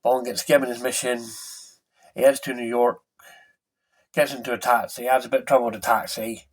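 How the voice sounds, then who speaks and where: A man's voice: medium pitch, flat delivery, fairly quick. Man rambling through a film recap. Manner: rambling, self-correcting retelling from memory. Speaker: film reviewer.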